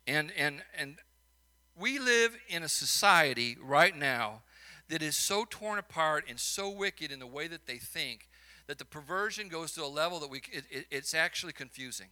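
A man's voice: on the high side, expressive, measured pace, pushed and bright. A man with a Chicago accent, a minister preaching a sermon and telling stories, building to emphatic peaks between folksy asides.

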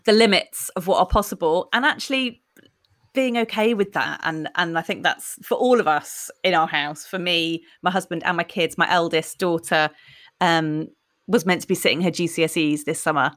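A woman's voice: fairly low pitch, moderate pace, a bit bright. A woman in her forties, talking reflectively and candidly in a podcast conversation.

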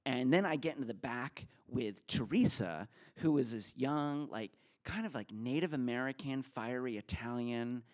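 A man telling a personal story at a live story slam, lively and animated. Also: medium pitch, normal speed, few pauses. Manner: animated, acts out the other people in his story. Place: theater stage before a live audience.

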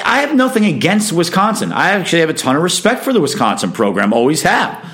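A man's voice: a little high, big pitch swings, fast, fairly bright tone. A man hosting a casual sports talk show, giving emphatic, opinionated commentary in a chatty monologue.

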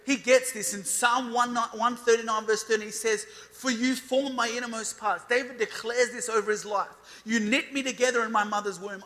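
A man's voice: high voice, pushed and bright. A man in his thirties preaching a youth sermon, declaring and building emphasis as he reads scripture. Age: 30s. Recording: reverberant hall.

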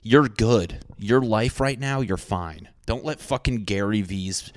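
A man with a low, deep voice rambles through a comedic monologue, swearing freely and mocking himself. His energy is excitable and loose. The sound is close and dry, with no room around it. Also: slow pace, dry recording. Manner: profane, excitable, self-mocking.

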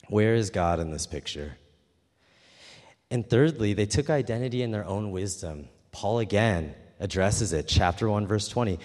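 Guy preaching a sermon, kinda low voice, telling a story, echoey church hall. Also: expressive, a little slow, a little mellow. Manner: earnest, storytelling, emphatic. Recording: long hall reverb.

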